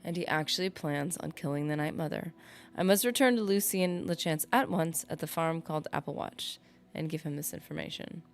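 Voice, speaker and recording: Lady doing a gravelly low assassin voice reading a diary, rough throat, faint music. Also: a little fast. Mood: grim.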